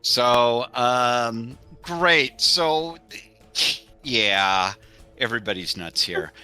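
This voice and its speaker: A man chats and jokes as a player in a tabletop game. His voice is bright and forceful, with faint music underneath. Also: mid-range voice, lively intonation, extremely slow, smooth. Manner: joking, chatty. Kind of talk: casual table talk.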